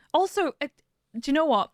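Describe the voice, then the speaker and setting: A woman's voice: high-pitched, dry recording, clean studio sound. A woman streaming a game live, chatting casually and animatedly, often laughing and swearing.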